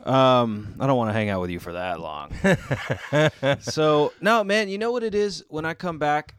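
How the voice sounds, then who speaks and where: Loose, rambling and clearly stoned, this man hosts a casual podcast from a room in his home that looks out over the city, wearing headphones at a studio mic, with fillers throughout. His medium-pitched voice is clear and resonant, with lively intonation and an unhurried pace. The recording is dry and studio quality.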